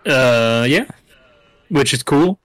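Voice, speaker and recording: A man's voice: medium pitch, lively intonation, slow, fairly bright tone, poor audio. A man co-hosting a podcast in casual chat, trading dry, joking asides. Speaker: podcast co-host.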